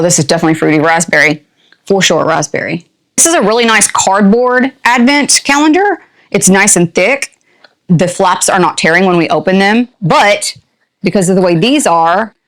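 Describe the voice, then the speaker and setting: An older woman hosting a casual unboxing, chatty and playful with quick asides and a jokey put-on country twang. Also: fairly low pitch. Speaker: unboxing channel host. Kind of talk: casual product unboxing chat.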